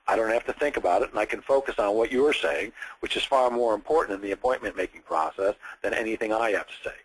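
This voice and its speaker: Male sales trainer, husky, direct, explains step by step, broadcast feel. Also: medium pitch, rough recording. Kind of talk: coaching session on phone scripts.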